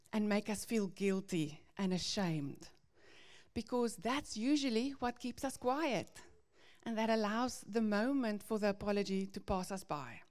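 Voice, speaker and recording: A woman giving a devotional teaching to parents, earnest and gently confessional as she reads out Bible verses. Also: medium pitch.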